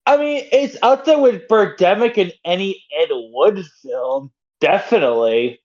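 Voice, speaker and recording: A man's voice: high-pitched, expressive, unhurried, darkish tone, lo-fi sound. A man co-hosting a podcast in casual chat, enthusiastic and often stammering. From North Carolina. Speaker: podcast co-host.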